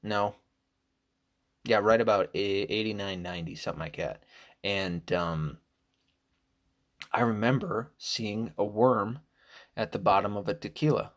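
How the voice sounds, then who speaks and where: A middle-aged American man talks alone into his podcast mic in a fairly low voice. He rambles, swears freely and drifts off topic. Now and then he jumps into a high, scornful quoting voice. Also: measured pace, pauses often. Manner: rambling, profane, jumps to loud mocking quotes. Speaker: podcast host. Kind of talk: casual solo commentary.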